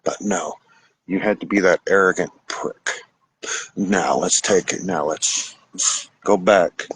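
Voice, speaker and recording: A man hosting a podcast, lecturing about relationships in a blunt, casual way with some swearing, switching between fast bursts and slow, drawn-out emphasis. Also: low-pitched, steady tone, fairly bright tone, husky, dry recording, low-quality recording. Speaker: podcast host. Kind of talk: relationship advice monologue.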